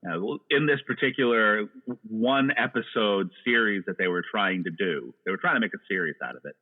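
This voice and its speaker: A man with a fairly low voice talks through old movies in a loose, rambling way, full of jokes and restarts. He comes through a narrow, tinny line that sounds like a phone call. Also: lively intonation, a little fast. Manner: rambling, joking movie talk with frequent "uh" restarts. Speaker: podcast guest. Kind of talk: casual chat.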